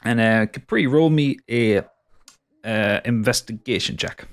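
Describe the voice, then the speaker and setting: A man's voice: medium pitch, unhurried. Man narrating a tabletop game. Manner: casual and playful, stumbles and repeats words. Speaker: game master.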